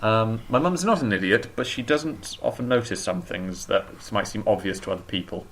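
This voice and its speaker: A man's voice: fairly low pitch, moderate pace, a bit bright, slight background noise. Chatty opinionated man. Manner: chatty, opinionated, restarts often. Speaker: podcast co-host. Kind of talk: casual chat.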